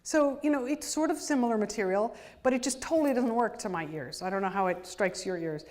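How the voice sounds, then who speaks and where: Woman, higher register, composer-lecturer; animated, exacting, vocalizes rhythms as syllables. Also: fairly quick, a little hiss or hum. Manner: sings rhythms out in syllables to illustrate music; animated, detail-focused explanation. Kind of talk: university lecture.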